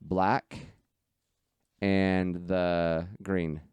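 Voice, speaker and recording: A man with a very low, smooth, resonant voice chats easily with his co-host, cheering on the other man's work and sometimes hunting for the word he wants. The recording is dry and close, with no echo. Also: little pitch movement, drawn-out words, darkish tone. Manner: chatty, gropes for words, affirming. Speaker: podcast co-host. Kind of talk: casual chat.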